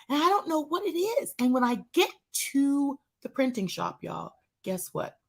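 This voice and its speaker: A woman hosting a live church show, telling a story as a testimony, animated and talking straight to her listeners, often repeating her phrases. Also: sits high, normal speed, vocal fry, hardly any pauses.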